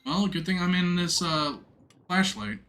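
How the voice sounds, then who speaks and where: A man's voice: high-pitched, unhurried, gravelly, fairly bright tone, faint music behind, full character voice. A man voicing a dry, self-mocking male ghost detective from a video game. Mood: wry.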